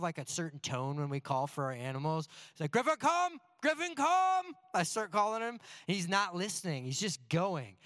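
A man's voice: a little high, no echo. Chatty preacher man, dry sound. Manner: conversational and joking, with rhetorical questions. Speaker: pastor. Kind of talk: sermon.

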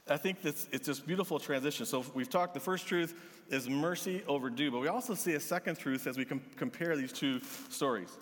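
Male pastor delivering a gentle, earnest sermon; slightly high voice, reverberant hall. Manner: earnest, gentle preaching with pauses.

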